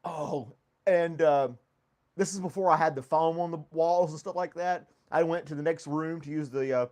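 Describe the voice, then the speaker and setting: In a foam-walled home studio, a man hosts a laid-back coffee podcast as a live-stream chat, reading messages, laughing a lot and talking to his dog. He speaks at a normal speed in a fairly high, fairly even voice that's a little mellow.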